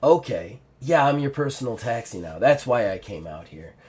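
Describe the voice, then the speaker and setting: A man's voice: medium pitch, expressive, moderate pace, darkish tone, natural voice. A man voicing a sarcastic, wisecracking woman who lives on a mountain, in a tabletop game.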